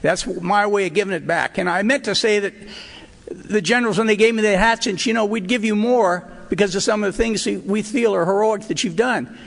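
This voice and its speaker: A man's voice: high-pitched, a little fast, vocal fry, a bit bright. An older man sharing his personal recovery story at a meeting, earnest and emotional, with wry asides. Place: hotel meeting hall. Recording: reverberant hall recording.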